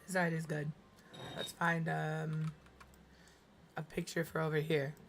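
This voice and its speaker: A woman streaming a game, hoarse with her voice fading, chatting tiredly and muttering to herself as she builds. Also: low voice, monotone, measured pace, background noise. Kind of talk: casual gameplay streaming chat.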